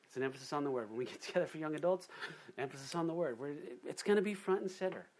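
A man pastor giving a casual, animated Bible study sermon. He voices the imagined speakers himself. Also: a little high, very fast.

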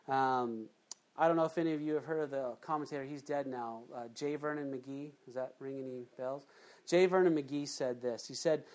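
A preacher giving a conversational sermon, often asking the congregation questions and jumping up in pitch and loudness. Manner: chatty, asks the congregation questions.

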